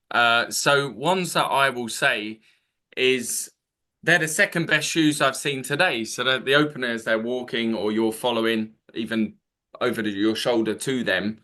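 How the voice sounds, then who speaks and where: Bright-voiced male dating coach. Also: mid-range voice. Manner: demonstrates pickup openers, acting out both sides. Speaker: dating coach, panel host. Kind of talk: casual panel chat.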